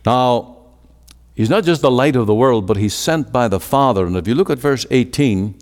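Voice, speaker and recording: A man's voice: mid-range voice, animated, normal speed. A man preaching a sermon with an emphatic, rising and falling cadence. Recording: long hall reverb.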